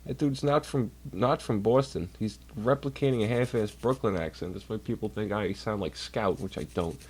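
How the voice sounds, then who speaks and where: A man's voice: lowish voice, moderate pace, darkish tone, husky. A man chatting casually on a livestream from home, rambling and swearing while doing chores. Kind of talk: casual rambling stream chat. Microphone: computer mic while streaming.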